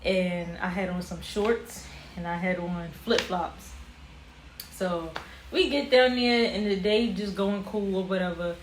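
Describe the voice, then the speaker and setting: A woman's voice: medium pitch, measured pace. Young woman telling a story, echoey room. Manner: animated storyteller with casual slang, acting out others' voices. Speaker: vlogger. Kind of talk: storytime vlog. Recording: roomy echo with faint ambient noise.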